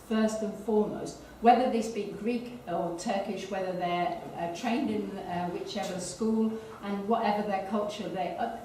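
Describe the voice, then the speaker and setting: A woman's voice: medium pitch, a little mellow. A woman in the audience making a point at a seminar discussion, hesitant and correcting herself mid-sentence. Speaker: audience member asking a question. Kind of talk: seminar question-and-answer discussion. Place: lecture hall. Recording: echoey room picked up from far off, faint hiss.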